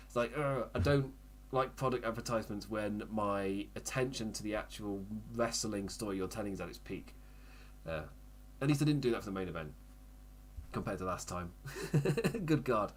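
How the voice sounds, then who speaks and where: A man hosting a wrestling podcast, chatting casually with frequent laughs and quick self-interrupting asides. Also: fairly low pitch, lively intonation. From United Kingdom. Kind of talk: casual live recap commentary.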